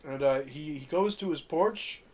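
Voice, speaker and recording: A man with a slightly high voice chats through a film recap on a podcast. He rambles with many fillers and curses casually as he goes. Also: moderate pace, darkish tone. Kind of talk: casual profane podcast chat.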